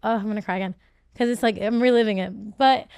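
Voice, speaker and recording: A young adult woman speaks as a podcast guest in a smooth, resonant voice. She talks candidly and emotionally, rambling with frequent restarts. The recording is dry and close. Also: medium pitch, fairly even intonation, quick pace, darkish tone, no room sound. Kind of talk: candid interview talk.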